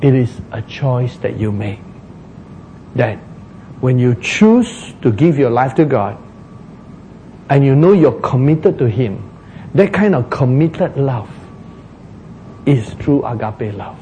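A man preaching a sermon, slow and emphatic, acting out laments dramatically. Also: medium pitch, expressive, dark tone, slight background noise, rough recording. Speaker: pastor.

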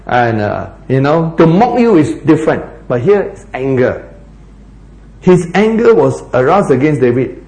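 A man preaching a sermon, emphatic and animated, often acting out quoted lines. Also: medium pitch, a little slow, gravelly. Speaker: pastor. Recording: echoey hall.

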